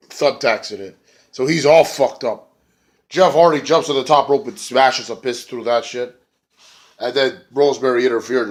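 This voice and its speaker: Excitable, profane man reviewing wrestling. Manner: excitable, profane, rambling with fillers; breaks into squeaky high voices when quoting wrestlers. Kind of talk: casual spoken review.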